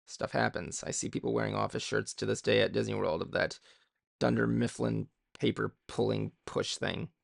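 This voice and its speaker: Gravelly rambling man. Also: lowish voice, fairly even intonation, normal speed, no room sound, clean studio sound. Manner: rambling, mutters to himself while drawing. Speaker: drawing vlogger. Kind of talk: casual chat while drawing.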